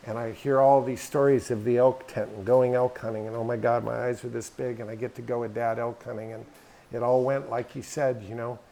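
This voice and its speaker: A man's voice: medium pitch, little pitch movement, a little fast, vocal fry, warm tone. A middle-aged man speaking at an event in a hangar, telling a folksy, emphatic story in a drawling manner. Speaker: guest speaker. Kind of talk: storytelling talk.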